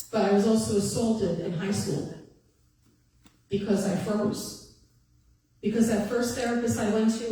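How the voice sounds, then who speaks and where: Woman, 50s, candid emphatic testimony speaker, mellow tone, heard distant in a big echoey hall. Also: medium pitch. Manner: candid, emphatic, repeats short phrases for stress. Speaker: guest speaker giving a personal testimony. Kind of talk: personal testimony speech to an audience.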